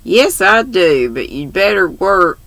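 A woman's voice: on the low side, big pitch swings, takes it slowly, a bit bright, no echo, exaggerated voice. An older woman voicing Jo, a spirited, caring young woman, in a storybook reading. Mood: brisk.

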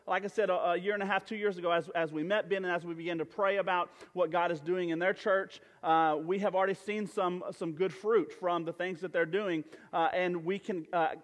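A man with a notably high voice delivers a sermon from the stage of a church sanctuary, speaking conversationally and often restarting his sentences with fillers. His voice carries into a long, lingering hall reverb. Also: steady tone, brisk, few pauses. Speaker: pastor.

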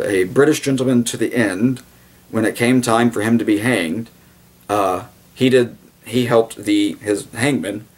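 A man with a low, husky voice delivers a rambling commentary monologue. He is blunt and sarcastic and veers off into asides. Now and then he jumps into exaggerated mock voices to act out quotes. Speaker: video commentator.

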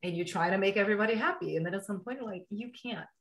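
A woman's voice: mid-range voice, very fast, poor audio. A woman, a guest mindset coach in a casual podcast chat who acts out bits of dialogue. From Brazil. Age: 40s. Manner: animated, acts out dialogue in quotes.

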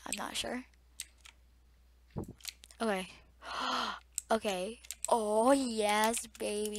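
Young woman, casual game commentary, chatty with viewers, high pitch, home recording with audible background noise and keyboard. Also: steady tone, extremely slow, pauses often. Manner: chatty, easily startled, talks to viewers. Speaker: gamer. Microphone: desktop mic near loud keyboard.

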